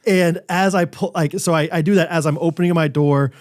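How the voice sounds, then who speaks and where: A man's voice: on the high side, steady tone, fairly quick. A man co-hosting a casual podcast, telling a goofy everyday story with playful asides. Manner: jokey storyteller, sings snatches in a put-on croon. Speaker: podcast co-host. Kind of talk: casual chat.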